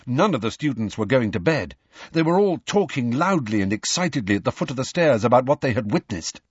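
Lively-pitched husky male narrator, dull lo-fi sound. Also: no echo. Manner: measured, expressive reading. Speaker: audiobook narrator. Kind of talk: scripted narration. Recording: dull, slightly lo-fi studio recording.

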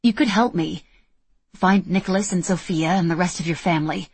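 A woman's voice: lowish voice, brisk, a little mellow, breathy edge, no echo. A woman voicing a determined young woman under fire, speaking tersely and urgently. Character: tense determined young woman time traveler.

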